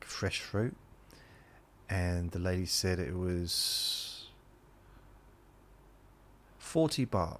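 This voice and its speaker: A man telling a rambling, self-deprecating comic story as a podcast host. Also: deep voice.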